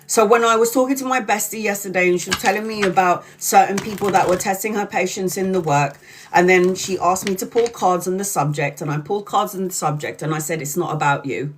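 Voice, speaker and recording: Woman tarot reader on a casual live stream, blunt and foul-mouthed, leans on slowed-down words. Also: mid-range voice, slight background noise. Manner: blunt and profane, emphatic; drawls key words slowly for emphasis.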